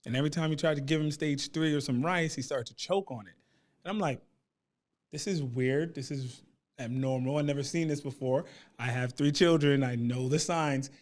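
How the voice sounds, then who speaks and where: A man in his thirties telling a personal story at a community town hall, animated and acting out what people said. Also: on the high side, moderate pace. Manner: animated, acts out quotes.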